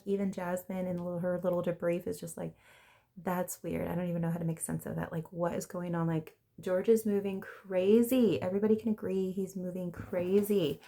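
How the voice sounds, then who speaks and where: Chatty female recap host, gossipy delivery, a bit of fry in a low-ish voice. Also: steady tone, normal speed, mellow. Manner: chatty, gossipy, acts out quotes with laughs. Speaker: reality TV reviewer. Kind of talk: casual recap chat.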